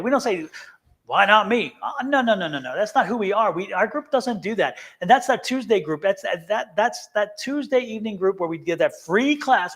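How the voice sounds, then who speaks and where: A man co-hosting a live tarot stream, talking in an earnest, emphatic way and often repeating himself. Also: high-pitched. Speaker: tarot reader, co-host. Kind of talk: casual live-stream chat.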